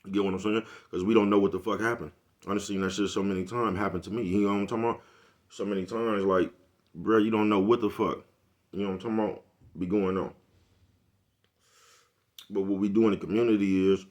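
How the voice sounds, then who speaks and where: A man with a low, deep voice talks quickly and loosely straight to his audience. His street slang is laced with profanity. He keeps circling back to ask if you're following him. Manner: repeats "you know what I'm talking about". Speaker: vlogger. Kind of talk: casual monologue to camera.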